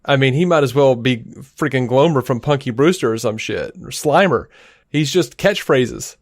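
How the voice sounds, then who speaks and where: A man co-hosting a podcast, arguing his point in an animated, casual way and swearing now and then. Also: mid-range voice, normal speed, no echo, studio quality. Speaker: podcast co-host. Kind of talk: casual debate.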